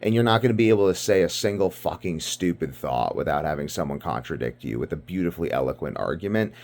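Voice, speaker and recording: A man's voice: sits low, expressive, fast talker, a little mellow, a little hiss or hum. A man from Britain giving rambling casual commentary, ranting and profane, full of fillers. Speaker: video commentator.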